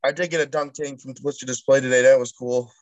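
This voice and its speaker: A man's voice: mid-range voice, fairly even intonation, brisk, no room sound. A man venting in a rambling, frustrated way during a casual chat. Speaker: bounce house business owner, guest. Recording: dry, dull lo-fi remote line.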